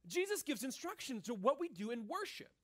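A man with a notably high voice delivers a sermon to his church. He talks loosely and earnestly, leaning on "like" and "right?" as he goes. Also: very animated, brisk. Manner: casual and earnest, filling speech with "like" and "right?". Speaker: pastor. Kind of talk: conversational sermon.

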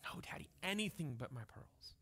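Man doing a little girl of four, soft pleading near-whisper, somewhat high voice. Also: animated, normal speed, husky, full character voice.

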